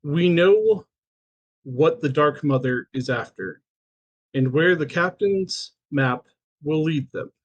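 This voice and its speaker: A man voicing a mysterious letter writer, reading a plea for help slowly and formally. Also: a little high, lively intonation, dull audio. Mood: grave.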